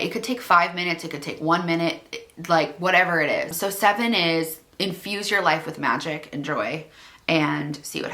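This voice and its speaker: Young female vlogger, bright tone, casual and rambling, speaking to camera alone in her room. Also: on the low side. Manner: rambling, heavy use of "like". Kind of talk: chatty self-help vlog.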